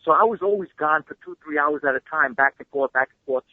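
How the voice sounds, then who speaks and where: A man with a fairly high voice races through his stories at high speed, excitable and swearing freely. His voice comes down a tinny phone line with a dry, close sound. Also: dry recording. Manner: fast, excitable storyteller who swears freely. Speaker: guest. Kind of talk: animated storytelling, casual interview. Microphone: phone call.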